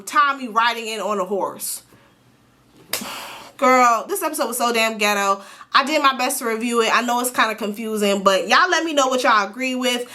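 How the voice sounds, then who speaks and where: A woman recapping a reality show episode in a blunt, slangy, animated way, talking straight to her viewers. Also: on the high side. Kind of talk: casual recap commentary.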